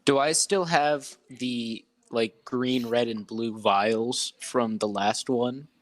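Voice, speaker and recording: A man's voice: mid-range voice, fairly even intonation, dry recording. A man playing a tabletop game, talking casually and a little hesitantly with the dungeon master. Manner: unhurried, a bit hesitant. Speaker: player.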